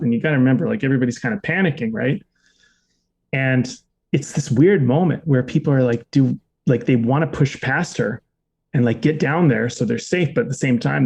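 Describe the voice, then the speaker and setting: Man telling a story, casual and relaxed. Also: medium pitch, creaky. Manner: relaxed, frequent "like" fillers, occasional swearing. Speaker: podcast co-host.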